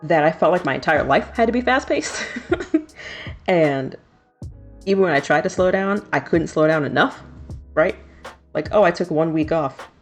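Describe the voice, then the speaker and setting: A woman's voice: low-pitched, animated, normal speed, pauses often, faint music behind. A woman in her thirties, a streamer chatting casually and laughing often while doing her nails. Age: 30s.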